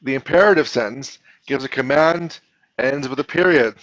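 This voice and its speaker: A man's voice: medium pitch, normal speed, fairly bright tone, highs cut off, slight background noise. A man teaching a class, patiently explaining and often restarting his phrases. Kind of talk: classroom instruction.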